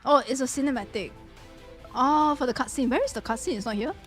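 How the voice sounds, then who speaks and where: A woman with a high, brisk voice chats casually on a live stream, reacting to game scenes over soft background music. She giggles easily and apologizes often.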